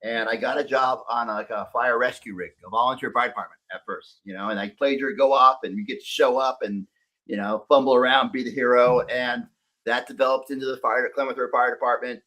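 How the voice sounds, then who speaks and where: A man's voice: medium pitch, steady tone, a little fast, bright, forceful tone. Middle-aged man, plain mid voice, candid podcast guest, swears freely, recaps his life. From Northern California. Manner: candid, profane storytelling. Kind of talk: casual podcast conversation.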